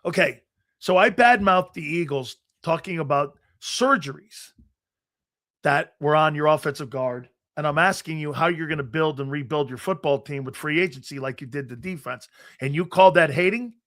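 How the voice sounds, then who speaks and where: A brash man hosting sports talk radio, with a high voice for a man and a bright, forceful edge. He rants bluntly and combatively at his callers and swears without a second thought. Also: moderate pace.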